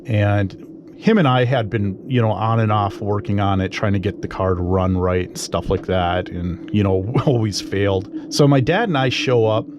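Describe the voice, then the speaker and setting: A man's voice: on the low side, moderate pace, muffled recording, noisy background. Man rambling through a personal ghost story. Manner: rambling, conversational, many fillers.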